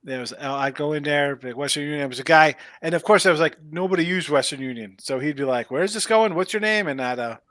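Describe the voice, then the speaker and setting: A man's voice: fairly high pitch, quick pace, few pauses, no echo, clean studio sound. A man co-hosting a casual sports betting stream, rambling through stories and laughing often. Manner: rambling, animated storyteller who laughs often. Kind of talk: casual chat.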